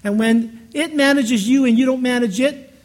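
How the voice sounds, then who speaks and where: A man's voice: extremely high pitch, normal speed. A man pastor giving a conversational sermon, telling stories in a chatty way and often restarting his sentences. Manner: storytelling, chatty, with frequent restarts.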